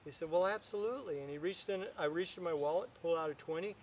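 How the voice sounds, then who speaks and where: A man, a guest financial advisor, telling stories in a casual video chat and building up to loud punchlines. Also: fairly high pitch, fast, a little hiss or hum.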